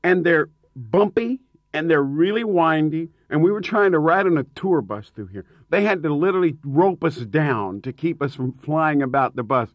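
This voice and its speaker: Animated, laughing male singer. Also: a little high, moderate pace, no echo, muffled recording. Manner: animated, emphatic, laughs often. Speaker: touring rock singer, guest. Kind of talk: casual interview storytelling.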